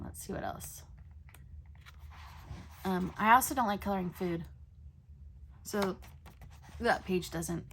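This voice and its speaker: A woman's voice: lowish voice, a little hiss or hum. A woman hosting a coloring channel, chatting casually with many fillers and restarts. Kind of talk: casual chat.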